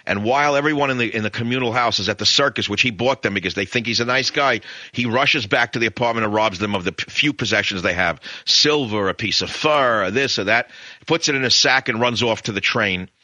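A man's voice: medium pitch, brisk, sharp tone, no echo, dull audio. A middle-aged American man hosting a talk radio show, retelling a story in a rambling, emphatic way with opinionated asides. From United States.

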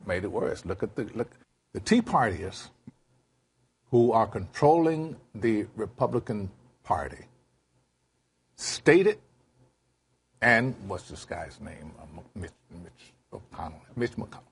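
A man answering questions in a television interview. His voice is deeply husky and rough, and his pitch swings widely as he presses his points. He is emphatic and keeps repeating key phrases. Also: sing-song, takes it slowly, pauses often. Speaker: interviewed actor.

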